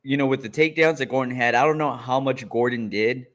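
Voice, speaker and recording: A man's voice: medium pitch, fast talker, fairly bright tone. A man co-hosting a podcast, talking through a fight in easygoing casual chat. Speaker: podcast co-host.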